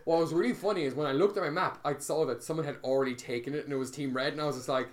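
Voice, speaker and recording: A man telling a story in casual chat, animated and swearing freely, often restarting his sentences. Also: on the high side, racing.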